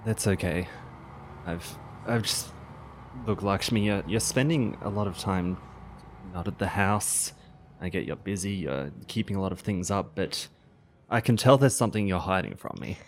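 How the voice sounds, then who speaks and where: A man with an Australian accent playing a worried mother who probes gently with soft, halting words. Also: low-pitched, a little hiss or hum. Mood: concerned. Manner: soft, measured, hesitant restarts. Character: worried middle-aged mother, gently probing.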